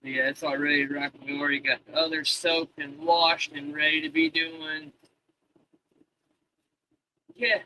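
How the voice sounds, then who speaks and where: A man's voice: fairly high pitch, flat delivery, measured pace, pauses often, bright, forceful tone, slight background noise, low-quality recording. A man in his thirties, a live streamer rambling in casual chat with heavy swearing and loose, restarting sentences. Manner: profane, rambling, talks to chat.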